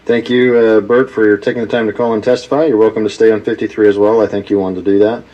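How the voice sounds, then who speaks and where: A man chairing a committee hearing, calling on callers in a brisk, routine, polite way. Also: on the low side, little pitch movement, warm tone, muffled recording. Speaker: committee chair running testimony. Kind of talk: procedural hearing moderation.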